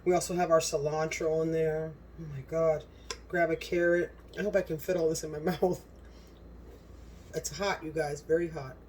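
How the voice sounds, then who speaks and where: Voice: mid-range voice, flat delivery, moderate pace, darkish tone, recorded from a distance, a little hiss or hum. A cooking channel host in a home kitchen, gushing and exclaiming as they talk straight to viewers while tasting the food.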